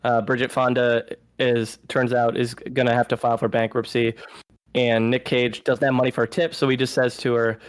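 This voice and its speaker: Man, film podcast co-host, mid-pitched, dry close sound, animated, casual plot recaps. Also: moderate pace, smooth, no echo, rough recording. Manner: animated, recaps plots with acted-out quotes.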